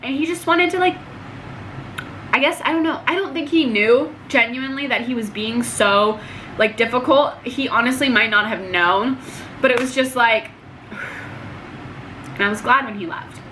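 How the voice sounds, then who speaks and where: Young woman, bright voice, fairly high, chatty storytelling, lots of "like", faint background hum. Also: unhurried, long pauses. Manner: chatty, peppered with "like", acts out quotes. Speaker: vlogger telling work stories. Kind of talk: casual storytelling to camera.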